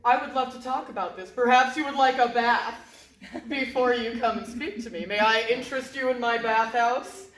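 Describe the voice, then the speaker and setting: A woman's voice: on the high side, fairly even intonation, moderate pace, a bit bright, lightly acted. A woman voicing a vengeful widowed queen who speaks with false, coy politeness. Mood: sweetly scheming. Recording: roomy echo.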